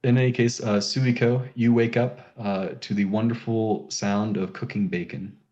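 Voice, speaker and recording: Low-voiced hesitant male game master. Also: fairly even intonation, normal speed, darkish tone. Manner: hesitant, many ums and uhs. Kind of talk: narrating a tabletop game. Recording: dull lo-fi recording.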